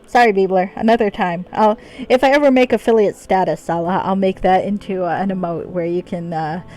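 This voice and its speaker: A woman's voice: fairly low pitch, darkish tone. A woman live-streaming a video game, chatting casually, laughing often and reading the game's dialogue aloud in her own voice.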